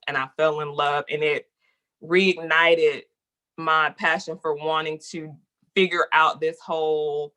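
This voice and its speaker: A woman guest in a casual interview, telling a story in a lively, animated way and acting out what people said. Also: sits low, clear, resonant tone. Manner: lively, animated storyteller who acts out quotes.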